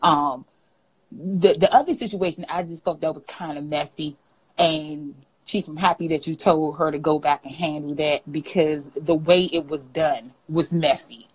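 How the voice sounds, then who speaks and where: A woman chats casually and offers measured advice. Her voice sits low and sounds husky. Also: fairly even intonation, dry recording, low-quality recording. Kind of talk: casual chat.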